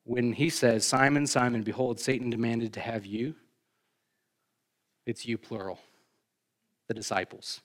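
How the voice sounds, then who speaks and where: A man preaching a sermon as pastor, talking in a conversational way with joking asides to the congregation, rising for emphasis and then dropping low. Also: fairly even intonation, measured pace, long pauses.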